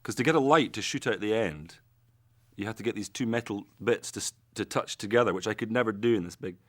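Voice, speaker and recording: A man's voice: fairly low pitch, fast talker, a bit bright. A man, an actor, telling self-mocking, joking anecdotes in an interview.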